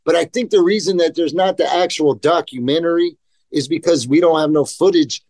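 A man's voice: a little high, a little fast, a little mellow, no echo. Rambling, profane man telling skate stories. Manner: rambling, profane, acts out quotes. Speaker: guest, professional skateboarder. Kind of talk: casual podcast interview, storytelling.

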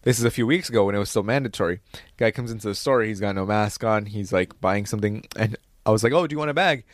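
A man's voice: lowish voice, quick pace, dry recording. A young man in casual chat, joking and swearing as he tells a story about work. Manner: joking, profane, animated storytelling. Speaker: podcast co-host.

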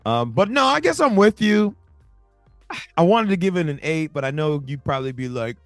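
Slightly high-pitched man chatting about movies, his voice leaping up and down with lively excitement and frequent stammered restarts. The sound is dry and close, with faint music underneath. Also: dry recording. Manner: animated, quick shifts between loud and soft, stammering restarts. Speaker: podcast co-host. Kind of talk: casual movie review chat.

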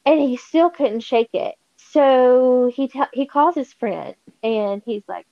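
A woman guest on a podcast talks slowly, animatedly, and acts out the people she quotes. Her voice sits a little high, and the recording is a bit muffled and dry. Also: dry recording. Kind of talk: casual faith conversation.

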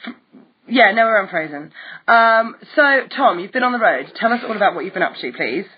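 A woman with a slightly husky voice teases and encourages her co-host in an easy back-and-forth. Her voice comes through muffled video-call audio. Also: mid-range voice, animated, brisk. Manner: teasing, encouraging. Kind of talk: casual chat over a video call.

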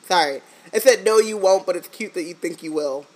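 A woman co-hosting a casual book-club podcast, playful, laughing often and firing back quick jokes. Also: lowish voice, a little mellow, poor audio. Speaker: podcast co-host.

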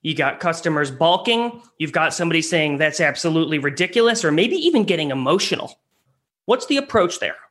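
A man co-hosting a sales advice podcast, lively and acting out customer and rep lines. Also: a little high, a little fast. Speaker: co-host.

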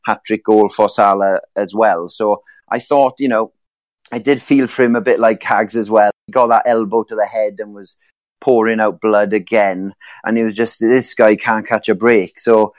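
A man's voice: lowish voice, fairly even intonation, normal speed, no room sound. A man co-hosting a football podcast, talking casually in rambling turns full of fillers and restarts. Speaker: podcast co-host.

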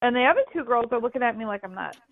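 Woman, higher voice, animated storyteller, tinny phone-line sound, dry. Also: rapid-fire. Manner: animated, acts out quoted voices. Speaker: caller. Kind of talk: storytelling in casual chat.

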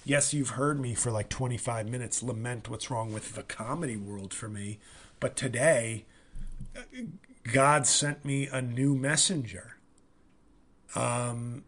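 Husky man rambling through a comic story. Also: medium pitch, normal speed, long pauses. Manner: animated, profane, rambling storytelling with many restarts. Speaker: comedian and podcast host. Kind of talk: casual comedic monologue.

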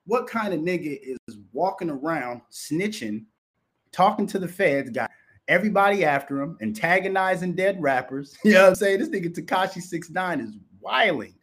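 A man's voice: high voice, expressive, normal speed, fairly bright tone. A man hosting a live stream and talking to his chat in a brash, boastful, profane way, laughing often. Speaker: livestream host.

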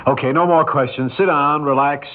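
A fairly high-pitched man's voice with fairly even intonation, normal speed, and light acting plays a shy, kindly bachelor who owns a filling station, stammering hesitantly. The actor is in his forties, the piece is 1950s radio drama, and the tinny old broadcast has slight background noise.

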